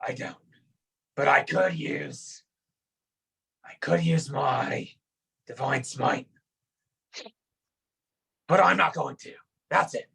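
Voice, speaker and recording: A man playing a tabletop role-playing game, calmly stating his moves and shouting dramatic in-character lines. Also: a little high, takes it slowly, gravelly, pauses often, slightly rough. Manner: declares actions, bursts into dramatic paladin shouts. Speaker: player.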